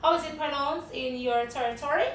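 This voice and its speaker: A woman's voice: high voice, fairly quick, a bit bright, echoey room, far from the mic, slight background noise, low-quality recording. A woman with a Jamaican accent teaching an English vocabulary lesson, spelling words letter by letter and quizzing a guest.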